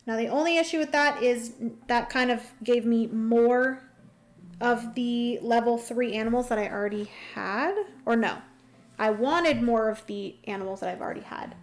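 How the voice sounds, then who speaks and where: A woman's voice: on the high side, moderate pace, slight background noise. A young woman livestreaming a solo board game, thinking aloud through her moves and chatting with viewers. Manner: chatty, thinks aloud while playing, greets chat warmly.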